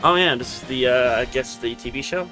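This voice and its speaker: A man's voice: medium pitch, over music. A man playing through a game and reading its dialogue aloud in a casual way, stumbling and restarting lines and tossing in joking asides. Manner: reads slowly and stumbles over text, restarts lines; jokey asides between read lines. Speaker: let's-play gamer reading game text aloud.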